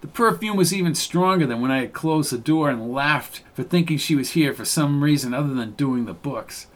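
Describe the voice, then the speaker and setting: A man's voice: fairly high pitch, animated, normal speed. Man reading a wry hard-boiled story. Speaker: audiobook narrator. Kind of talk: first-person audiobook narration.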